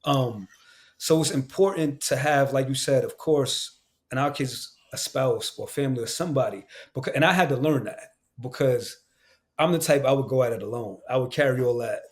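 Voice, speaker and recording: A man speaks in a candid, emphatic way, dropping slang and the odd curse. He is an actor and voice actor on a relaxed podcast, and his voice sits at an ordinary middle pitch. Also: normal speed. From Queens, New York. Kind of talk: casual podcast conversation.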